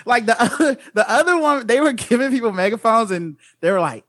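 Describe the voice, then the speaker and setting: A man's voice: a little fast, no echo, studio quality. A man in casual chat, telling stories with lots of laughter and acting out the people he quotes. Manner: animated, acts out quotes with big pitch swings.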